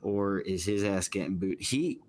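Deep-voiced man hosting a podcast. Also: unhurried, a little mellow, slight background noise. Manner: steers the talk with questions, hesitant fillers. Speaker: podcast host. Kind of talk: casual sports podcast chat.

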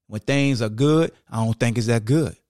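A man's voice: medium pitch, normal speed, a little mellow, no echo, clean studio sound. A man hosting a sports podcast, talking in a casual, emphatic monologue and often saying "like" and "y'all". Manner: conversational, emphatic, heavy use of "like" and "y'all".

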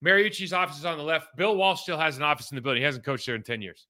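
A man's voice: a little high, rapid-fire, bright, forceful tone. A man in his forties from California, a former pro football player, talking loosely through game film with plenty of football slang. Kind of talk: casual game-film breakdown commentary.

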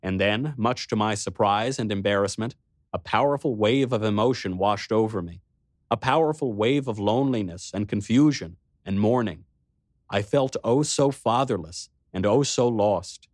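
A man reading a first-person adventure story aloud with expressive storytelling. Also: lowish voice, moderate pace, dry recording, clean studio sound. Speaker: narrator. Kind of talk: first-person audiobook narration.

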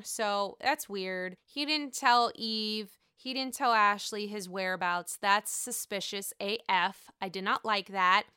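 A woman casually recapping a reality show episode, blunt and profane, talking in an animated way. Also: a little high, clean tone, no echo, clean studio sound.

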